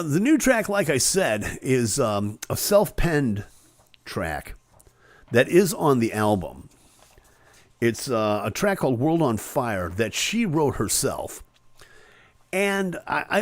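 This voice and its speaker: Reading viewer comments during a casual live stream, this male host has a slightly high voice. His talk is chatty and halting, packed with fillers and restarts, and the clean studio sound has no room sound.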